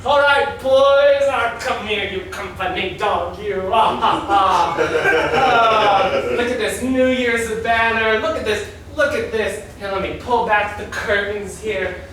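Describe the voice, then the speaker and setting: A man's voice: high voice, slow, hardly any pauses, background noise. A man playing a boisterous, grandiose company boss in live solo improv. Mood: jovial. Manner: blustering, grandiose showman. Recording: echoey stage from far off.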